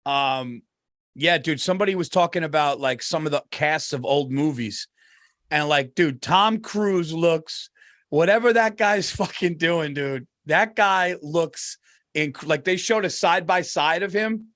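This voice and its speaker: A middle-aged man co-hosting a podcast, telling animated, laughing anecdotes. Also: on the high side, unhurried. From United States. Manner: storytelling, laughing, does voices in anecdotes. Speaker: podcast co-host. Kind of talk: casual comedic chat.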